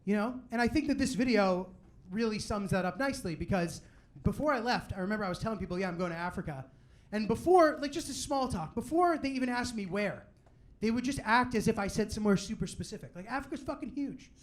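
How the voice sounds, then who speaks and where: A young man doing a live stand-up set, talking in a loose, rambling way full of "like" and "you know what I mean," and acting out quick quotes of other people. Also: high voice. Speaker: stand-up comedian. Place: live comedy venue with audience.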